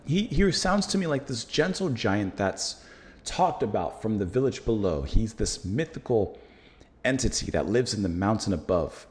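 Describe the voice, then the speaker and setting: Male host with an American accent, relaxed music-review chat, fairly low pitch with very animated ups and downs. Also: moderate pace. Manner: musing, thinks aloud with many fillers. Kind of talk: casual music reaction and review.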